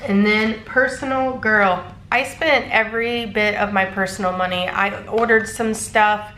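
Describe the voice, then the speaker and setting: A stuffy-nosed woman in her thirties chats easily as she counts out cash, with lots of little ums along the way. Her voice sits at a middle pitch and rings off the walls of an echoey room. A faint hum of room noise sits under her voice. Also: steady tone, a little slow, pushed and bright. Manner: chatty, frequent ums, counting bills aloud. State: congested. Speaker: cash budgeting vlogger. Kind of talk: casual chat.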